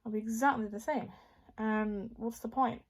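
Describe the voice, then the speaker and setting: A woman's voice: on the high side, fairly even intonation, normal speed. Candid woman vlogging, rambling and frank. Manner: rambling and candid, often dropping to a near whisper; swears casually. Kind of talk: casual personal vlog.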